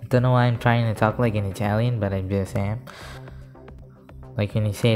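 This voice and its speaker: A man giving excitable commentary over his own gameplay, cheering at kills and muttering asides between rounds. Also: on the low side, moderate pace, pauses often. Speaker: gaming YouTuber. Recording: game music behind voice.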